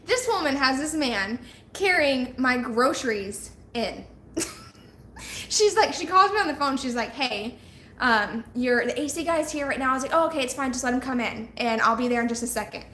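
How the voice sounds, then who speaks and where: Young woman chatting live with viewers, bright higher voice, laughs easily, echoey room. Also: animated, normal speed. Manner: chatty, laughs often while telling stories. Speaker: vlogger on a live hangout. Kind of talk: casual chat with viewers. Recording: echoey room with faint noise.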